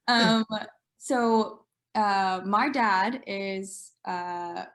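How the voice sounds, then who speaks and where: A woman's voice: medium pitch, fairly bright tone. A woman on a discussion panel, speaking candidly, laughing lightly between points and quoting the people she talks about.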